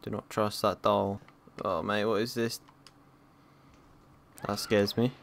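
Jumpy swearing gamer. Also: male voice, fairly low pitch, level tone, slow, gravelly, slight background noise. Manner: jumpy, swears and yelps at scares. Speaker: gaming YouTuber. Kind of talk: horror gameplay commentary.

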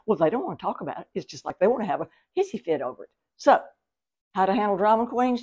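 A woman's voice: lowish voice, lively intonation, fast talker, a little mellow, husky. A woman working as a psychic medium, giving advice in a casual vlog and talking straight to the viewer in an exclamatory way.

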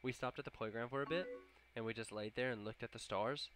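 A man's voice: mid-range voice, fast, close to an everyday voice, low-quality recording. A man reading aloud the chat lines of a sad young woman, in a subdued reading voice. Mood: downcast.

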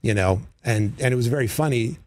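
A man, a comedy writer and guest, telling stories casually in a radio studio, animated, with quick asides and acted-out quotes. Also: mid-range voice, no room sound. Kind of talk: casual interview storytelling.

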